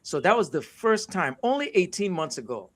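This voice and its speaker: A man's voice: sits high, big pitch swings, normal speed, a bit bright. A man born in the United States and raised in Nigeria, telling a personal story in a casual conversation with earnest reflection and frequent restarts. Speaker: co-host.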